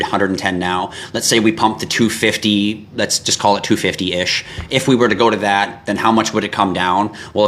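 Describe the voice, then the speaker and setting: A man hosting a live stream, reading out viewer questions and answering them bluntly, with lots of swearing. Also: lowish voice. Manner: blunt and profane, gets irritated and animated. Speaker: livestream host. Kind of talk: casual livestream chat reading comments.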